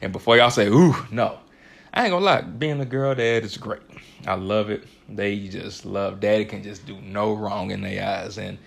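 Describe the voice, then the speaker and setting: A man in his thirties hosting a casual chat, telling animated stories and laughing often. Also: lowish voice, normal speed, vocal fry. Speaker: podcast co-host.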